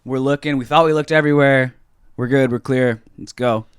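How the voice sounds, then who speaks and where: Smooth-voiced young man telling a profane story. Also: medium pitch, fairly even intonation, a little fast, no echo, clean studio sound. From California. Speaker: podcast co-host. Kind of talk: casual storytelling chat.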